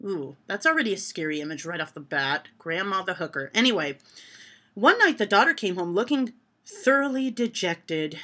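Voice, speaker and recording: A woman reads jokes from lists to her camera at home in a casual vlog, her medium-pitched voice sing-song at a normal speed. The punchlines set her off into loud laughter.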